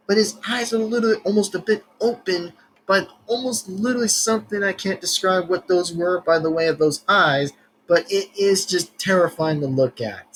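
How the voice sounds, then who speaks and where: A man's voice: sits high, slight background noise, rough recording. A man hosting a reaction video, rambling and searching for words as he comments casually.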